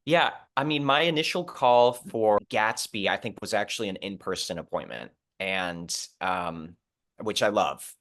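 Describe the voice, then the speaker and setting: A young adult man, a Broadway performer, talking earnestly in an interview, animated and full of restarts and "like". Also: on the low side, measured pace. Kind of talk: conversational interview.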